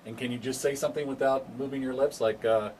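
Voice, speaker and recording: A man's voice: mid-range voice, steady tone, fast, darkish tone, slight background noise. A man hosting a radio talk show, joking and rambling as he asks questions. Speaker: radio host.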